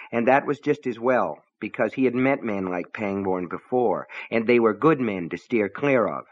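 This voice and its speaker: A man reading a novel aloud as narrator, in measured storytelling. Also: on the low side, a bit bright, lo-fi sound. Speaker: audiobook narrator. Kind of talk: scripted narration.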